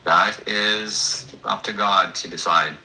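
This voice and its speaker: A man co-hosting a casual livestream chat in a deadpan way, reading out viewer messages and donations. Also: on the low side, slow, echoey room, a little hiss or hum, low-quality recording. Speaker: livestream co-host.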